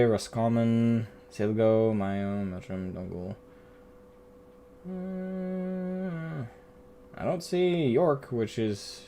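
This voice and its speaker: A man streaming a game, chatting casually in a rambling, profane way, often correcting himself. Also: medium pitch. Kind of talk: casual live-stream chat.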